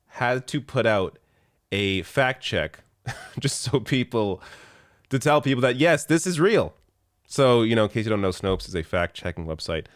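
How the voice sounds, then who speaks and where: Low-voiced sarcastic male commentator. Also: no echo, studio quality. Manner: exasperated, sarcastic, laughing now and then. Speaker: political commentary host. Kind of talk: opinionated political commentary.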